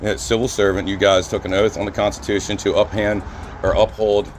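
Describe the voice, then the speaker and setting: A man filming himself on his phone outdoors, loudly and insistently telling a police officer about a complaint. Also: fairly low pitch, flat delivery, fairly quick, slight background noise. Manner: loud, insistent, repeats himself. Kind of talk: heated street complaint. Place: outdoors on a city street. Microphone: phone held by speaker.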